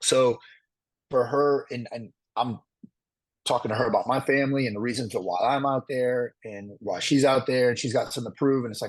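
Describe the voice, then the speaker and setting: A man being interviewed about his time on a competition show, talking in a quick, rambling way with lots of "like" and "uh" fillers. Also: mid-range voice. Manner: fast, rambling, fills with "like" and "uh". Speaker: reality show contestant interviewee. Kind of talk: candid interview.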